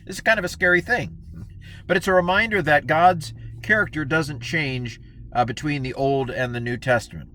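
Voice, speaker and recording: A man's voice: fairly high pitch, normal speed, pushed and bright, a little hiss or hum. A man giving a casual Bible lesson in a chatty, playful way, acting out the people he quotes. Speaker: Bible teacher.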